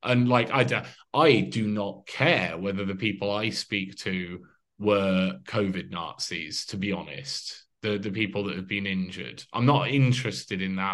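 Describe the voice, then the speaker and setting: Low-voiced man, lively interview host. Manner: animated storytelling, acts out quotes. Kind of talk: casual conversational interview.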